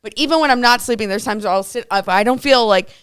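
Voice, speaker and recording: A woman's voice: fairly high pitch, fast, clean tone, no echo, studio quality. A young woman co-hosting a casual live stream from a hotel room, telling stories and acting out the dialogue as she goes. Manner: animated storyteller acting out quoted dialogue. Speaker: co-host.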